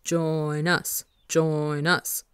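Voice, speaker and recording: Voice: monotone, drawn-out words, fairly bright tone, smooth, dry recording, studio quality. A storyteller voicing a hesitant, grumbling boy who teases back. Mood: coaxing. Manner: low, grumbling, reluctant.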